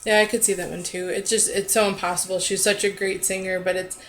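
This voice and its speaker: A woman co-hosting a casual recap chat in an easygoing, chatty way, quick to agree. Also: mid-range voice, little pitch movement, background noise. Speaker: podcast co-host.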